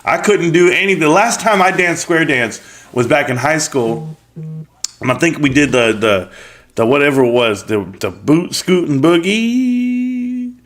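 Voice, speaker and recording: Lively man hosting a live stream. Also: a little high, moderate pace. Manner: animated, joking banter with frequent laughs. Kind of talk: casual live-stream chat, reading out viewer comments.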